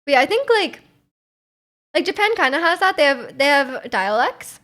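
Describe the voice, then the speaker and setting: A woman's voice: sits high, very animated, normal speed, fairly bright tone. A young woman streaming and chatting casually with her viewers, rambling and filling her talk with "like" and little laughs. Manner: rambling, heavy use of "like", frequent laughs.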